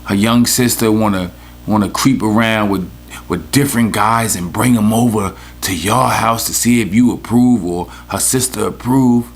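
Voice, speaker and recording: This podcast host is a New York-accented man whose voice sits on the low side and moves at a moderate pace. He's off on a loose, joking rant, swearing as he rambles.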